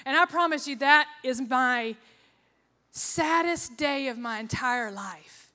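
Young woman, earnest testimony speaker, bright tone, long reverb of a hall. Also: high-pitched, animated, slow. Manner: earnest, emotional, with sarcastic asides. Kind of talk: personal testimony talk.

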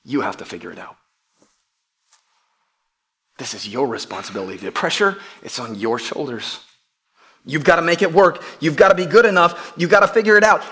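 A man preaching a sermon to his church, emphatic, often repeating words and dropping from loud to hushed. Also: on the high side. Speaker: pastor.

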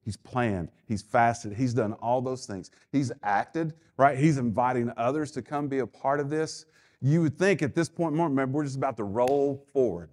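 A pastor preaching a sermon with emphatic, repetitive phrasing and call-and-response to the congregation. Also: male voice, mid-range voice, normal speed, a little mellow.

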